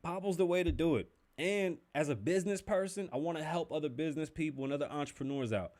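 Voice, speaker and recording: A man's voice: a little high, fast talker, darkish tone. A young man hosting a casual podcast livestream, joking and chatting loosely, swearing freely as he talks to viewers. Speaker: podcast host.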